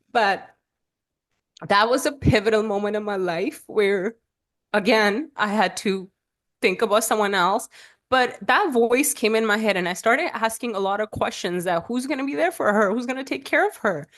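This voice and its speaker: A woman's voice: mid-range voice, animated, a bit bright. Emotional woman telling her story. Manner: halting, with fillers and restarts, voice rising in quoted self-talk. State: tearful at times. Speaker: podcast guest.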